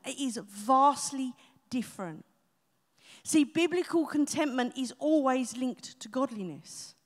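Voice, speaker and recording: High-voiced woman preaching live. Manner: emphatic preaching with humorous asides. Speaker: pastor. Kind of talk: live sermon. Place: church auditorium, live congregation. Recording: reverberant live church hall.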